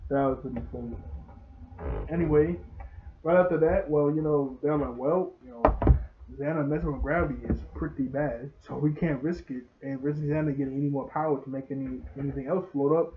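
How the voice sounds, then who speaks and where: Speaking briskly with fairly even intonation and a medium pitch, a young show reviewer gives a rambling, casual recap of an episode. He laughs a lot and performs the characters' dialogue. The audio is tinny and phone-like, with background noise.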